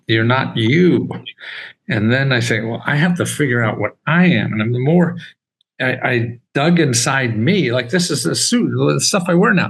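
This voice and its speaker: Gravelly, animated older man. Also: low-quality recording. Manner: animated, laughing, jumps high in pitch when excited. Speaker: guest. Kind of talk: casual interview talk.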